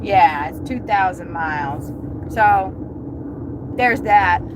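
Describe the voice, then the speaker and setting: A woman's voice: mid-range voice, slow pace. Woman, slightly strained voice, chatty and profane, recorded in a car over heavy road noise. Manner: chatty, talks to viewers' chat, swears freely. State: voice a little strained from screaming. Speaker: delivery driver livestreamer. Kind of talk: casual livestream chat while driving. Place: inside a car.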